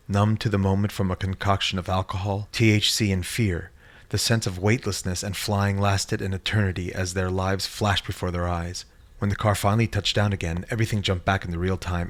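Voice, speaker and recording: Man narrating a scary story, very low voice, measured, dramatic. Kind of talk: scripted horror story narration.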